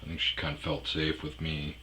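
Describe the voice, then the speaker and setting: A man's voice: rumbling low, completely flat delivery, brisk, pushed and bright, a little hiss or hum, poor audio. A man telling a rambling personal story in a casual, profane way, trailing off with fillers. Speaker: storyteller host.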